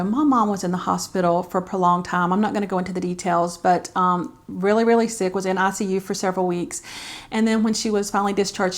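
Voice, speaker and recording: A middle-aged woman, talking candidly to camera as a caregiver vlogger, chatty and heartfelt with many fillers. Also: mid-range voice. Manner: chatty and heartfelt, with frequent fillers and soft laughs. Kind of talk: candid personal vlog talk.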